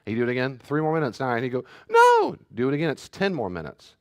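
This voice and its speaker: A man pastor giving a teaching talk and answering questions, telling family stories in an animated way. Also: mid-range voice, racing. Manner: animated storyteller, acts out family scenes.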